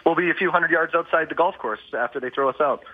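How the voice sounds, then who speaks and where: A man's voice: a little high, quick pace, husky. A man co-hosting a morning radio show, chatting casually and joking with easy laughs. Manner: easygoing, joking, laughs often. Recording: tinny phone-line sound.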